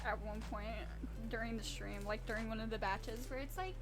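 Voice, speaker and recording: A woman's voice: on the high side, fairly even intonation, brisk. A woman streamer rambling casually and swearing freely while baking in her home kitchen. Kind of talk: casual live-stream chat.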